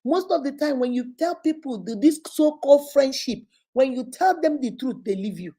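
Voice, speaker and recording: Nigerian lady vlogging, kinda high but mellow voice, animated storyteller. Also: moderate pace. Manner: lively storytelling, acts out other voices, exclaims. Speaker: online influencer host. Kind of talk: casual vlog monologue.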